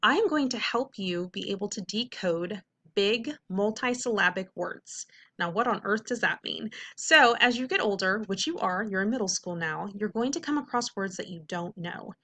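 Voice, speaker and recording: A woman reading teacher giving an upbeat video lesson to middle schoolers, often checking in with "okay?" and slowing down to sound out words. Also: mid-range voice, lively intonation, sharp tone. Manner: slows to sound out words carefully.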